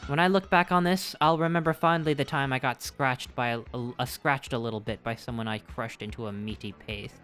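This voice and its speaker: A man's voice: medium pitch, fairly even intonation, brisk, hardly any pauses, soft background music, close to an everyday voice. A man reading aloud as an arrogant evil knight who was once a childhood doll, in a melodramatic villain delivery. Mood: gloating. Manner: melodramatic villain reading, swings to panicked shouting. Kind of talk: reading game dialogue aloud.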